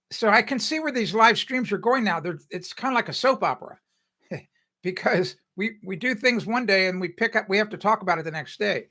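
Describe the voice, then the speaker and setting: An older man talks casually through a home improvement live stream, drifting between stories and correcting himself as he goes. His voice is bright and forward, sitting a little high for a man, and he laughs often. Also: lively intonation, normal speed, long pauses. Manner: rambling, chatty, laughs often, self-correcting. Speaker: home improvement show host.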